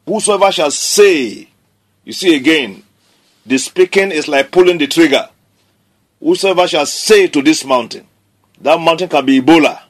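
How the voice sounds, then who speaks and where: A man's voice: a little high, moderate pace. Emphatic man preaching a sermon. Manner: emphatic, declaring scripture with repetition.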